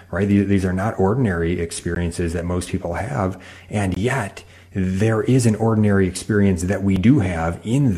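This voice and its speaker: A man hosting a talk show, introducing his guest and explaining in a measured way. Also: sits low, warm tone. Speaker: host.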